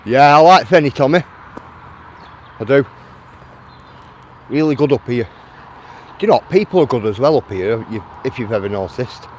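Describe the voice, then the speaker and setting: Walking through a town near traffic, a Lancashire man chats casually to viewers of his live stream, responding to comments and calling them mate. His mid-range voice is expressive and normal in speed, with long pauses and a little hiss or hum in the audio.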